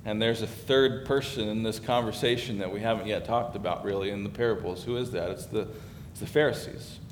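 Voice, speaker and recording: A man giving a sermon as pastor, talking conversationally and building in emphasis. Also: a little fast. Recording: echoey hall with faint background rumble.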